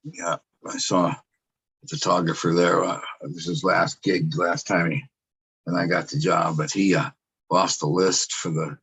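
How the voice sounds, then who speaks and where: A man's voice: low voice, fairly even intonation, measured pace, gravelly, a bit bright, husky, low-quality recording. A man talking casually as a podcast guest, rambling and sarcastic, with some swearing, about his years as a photographer. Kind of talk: casual chat.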